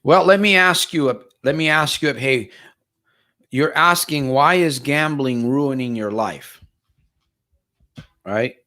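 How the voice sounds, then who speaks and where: A man coaching viewers live over a webcam microphone, his voice at a middling pitch. He speaks earnestly and motivationally, circling back, restarting and repeating phrases as he works through viewers' questions. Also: slow pace, pauses often, sharp tone. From Stockton, California. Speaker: life coach hosting a live stream.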